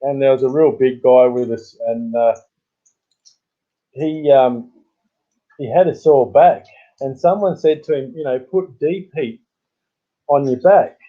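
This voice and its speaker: Chatting casually on his livestream, an Australian man rambles through old stories, chuckling as he goes. He talks at an ordinary middle pitch and a measured pace, pausing often, and the sound is thin and tinny like a phone line.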